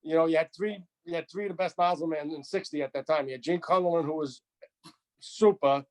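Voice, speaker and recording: A man's voice: on the high side, brisk. Man in his sixties telling a fire story. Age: 60s. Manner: animated, repetitive storytelling. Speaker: retired firefighter. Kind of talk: storytelling interview.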